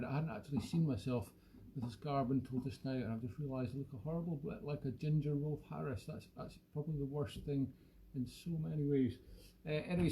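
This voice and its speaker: A man doing a boozy, rambling whisky expert with a put-on Irish-sounding lilt, who jokes at his own expense. The voice sits fairly high but sounds mellow and soft. It is a home live-stream recording with a faint hiss behind it. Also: lightly acted, poor audio. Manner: rambling, self-mocking, jokey. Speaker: host. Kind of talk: comic live-stream character monologue.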